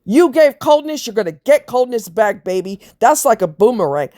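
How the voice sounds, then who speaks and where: A woman's voice: fairly high pitch, big pitch swings, normal speed, dark tone. Blunt, scornful woman ranting. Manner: mocks voices in quotes. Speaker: vlogger. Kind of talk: ranting monologue to viewers.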